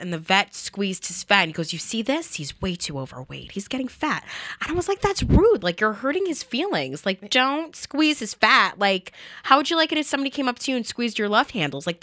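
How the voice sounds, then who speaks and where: Young new gal co-hosting, bright voice, dry close sound, tells stories with lots of like. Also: female voice, medium pitch, brisk, few pauses, dry recording. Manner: chatty, animated storyteller, lots of "like". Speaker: co-host. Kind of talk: casual chat.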